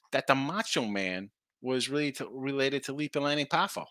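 Man, middle-aged, sports betting host, casual rambling chat, bright forceful voice, dry close sound. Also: mid-range voice, animated, brisk, no echo. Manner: rambling, self-interrupting, reads chat comments aloud.

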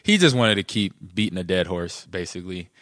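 Fairly quick and animated, a middle-aged podcast co-host with a football-playing past tells casual stories, acting out quotes by jumping his pitch around. There's no room sound, just a clean studio recording.

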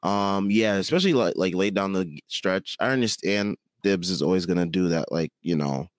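A man with a very low voice, hoarse from losing it, talks through a postgame sports chat. He stops and restarts often, leaning on fillers as he thinks. The sound is close and dry. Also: no room sound. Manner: halting, many fillers and restarts. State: losing his voice. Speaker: podcast co-host; teacher.

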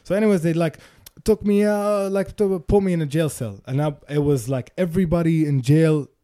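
Young man, slangy storyteller among friends, lively and loud in acted bits, pitched a touch high. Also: a little fast. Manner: animated, acts out quotes with sudden loud high bursts; loose slangy delivery with repeated fillers.

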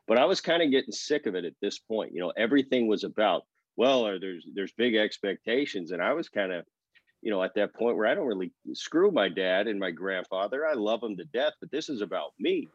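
With a fairly low-pitched voice, this fifties-aged ex-ballplayer is an animated storyteller, voicing each character's lines as he spins tales for a laid-back interview. There's no room sound; the audio comes across dry and slightly dull.

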